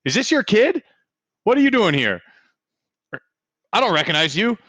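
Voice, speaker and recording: Man putting on a roughneck dockworker, jumpy, stammering, bright and animated, close dry mic. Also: high-pitched, normal speed, no echo, pitched above the performer's own voice, exaggerated voice. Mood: suspicious. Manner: flustered, stammering. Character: jumpy male cargo-bay roughneck worker.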